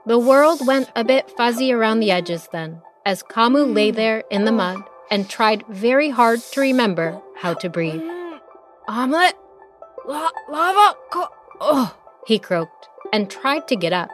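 A woman narrating a children's story in a lively, expressive way, with music behind her. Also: fairly high pitch, normal speed, few pauses.

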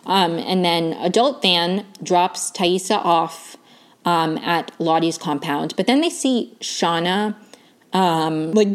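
A young woman in a casual, chatty recap of a TV season, full of "like" and "um" and quick restarts. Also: fairly low pitch. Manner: chatty, lots of "like" and "um", self-correcting. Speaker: recap host.

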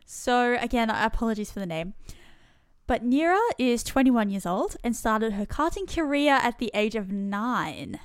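Aussie woman cohosting a chatty podcast, giggly, smooth clear voice, kinda high, dry close sound. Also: lively intonation, a little slow, no room sound. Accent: Australian. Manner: giggly, apologetic about pronouncing names. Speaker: podcast co-host. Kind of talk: casual chat.

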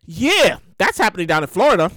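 A young woman from New hosting her own show, ranting in casual comedic commentary, swearing freely and acting out people in quick voices. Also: medium pitch, very animated, fairly bright tone, no room sound, clean studio sound. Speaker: podcast host.

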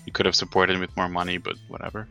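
A man's voice: sits low, monotone, rapid-fire, pushed and bright, clean tone, soft background music. A man co-hosting a casual football podcast, ranting in an exasperated way and swearing often. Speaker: podcast co-host.

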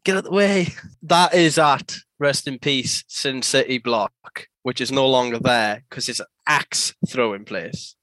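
A man's voice: medium pitch, unhurried, few pauses, pushed and bright, dry recording. A man, a podcast guest telling skate-filming stories in casual chat, laughing often, swearing freely and acting out other people's voices. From South Wales. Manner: laughing, swears a lot, acts out quoted voices.

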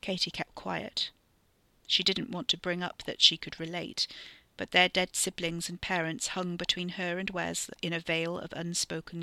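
A podcast storyteller reading a horror story in a steady, measured way, sometimes dropping into a whisper. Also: medium pitch, no room sound. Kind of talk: scripted narration of a horror story.

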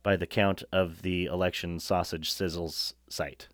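A man's voice: deep voice, level tone, a little slow, no echo, clean studio sound. A man from the United States co-hosting a podcast, reading facts aloud in a casual chat, stumbling over words and laughing often. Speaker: podcast co-host.

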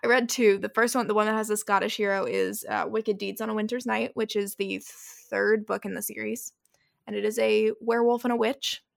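A woman co-hosting a casual podcast, chatting eagerly about books she loves. Her voice carries a gravelly, fry-tinged edge at a middle pitch. She talks quickly when she gets excited. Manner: gushing, enthusiastic about books. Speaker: podcast co-host. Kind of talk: casual chat.

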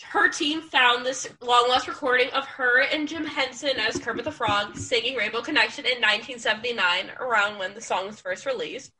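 A woman's voice: fairly high pitch, normal speed, hardly any pauses, sharp tone, slight background noise, rough recording. A young woman co-hosting a casual fan podcast, chatty and jokey, with frequent restarts and fillers. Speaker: podcast co-host.

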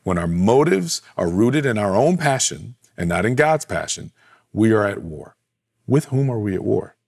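A man's voice: fairly low pitch, big pitch swings, moderate pace, gravelly, darkish tone, no echo, clean studio sound. A man preaching a sermon as pastor, earnest, asking rhetorical questions and repeating phrases.

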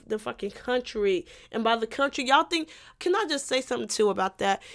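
A woman's voice: a little high, fairly bright tone, clear, resonant tone. A woman in her twenties hosting a satirical rant, blunt and profane, scolding her listeners and repeating phrases for emphasis. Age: 20s. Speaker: podcast host.

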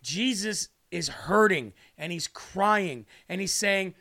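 A man's voice: high-pitched, expressive, measured pace, pushed and bright. A man preaching an emotional livestream sermon, pleading and repeating questions for emphasis.

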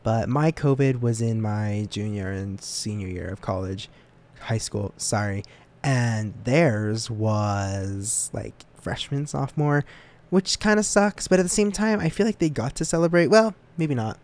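In a measured delivery, a young adult from the United States chats through a solo student podcast episode in a relaxed, meandering way. Self-mockery runs through his talk, along with lively jumps to a high pitch that drop back to his mid-range.

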